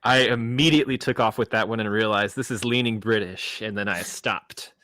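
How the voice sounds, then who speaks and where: A man's voice: on the low side, a little fast, sharp tone, no echo. A man hosting a casual podcast chat with a friend, talking in a chatty, playful way and correcting himself as he goes. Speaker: podcast host.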